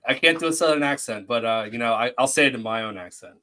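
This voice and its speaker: A man's voice: medium pitch, quick pace, bright, forceful tone. A man hosting a live stream in casual chat, easygoing as he thanks viewers and talks with his guests.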